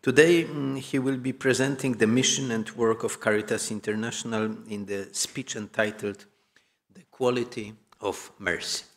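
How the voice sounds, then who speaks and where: A man's voice: mid-range voice, steady tone, normal speed. A man reading a formal speaker introduction at a conference, with a few hesitant fillers. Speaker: conference moderator. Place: conference hall.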